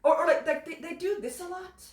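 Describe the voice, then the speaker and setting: High-voiced chatty woman, echoey kitchen. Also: a little fast. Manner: rambling, laughing often, restarts. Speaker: stream host. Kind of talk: casual chat. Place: home kitchen. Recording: echoey room.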